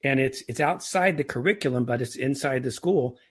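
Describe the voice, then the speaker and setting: A man's voice: mid-range voice, brisk, slightly rough. A man as a podcast guest, talking earnestly and telling anecdotes in a conversational interview. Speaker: podcast guest, entrepreneur and author.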